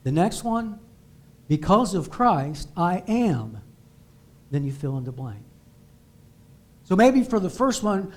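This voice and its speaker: A man's voice: sits high, sing-song, takes it slowly, pauses often, a little mellow. A man preaching as pastor in a church, building emphatic repeated declarations. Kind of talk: sermon. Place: church sanctuary.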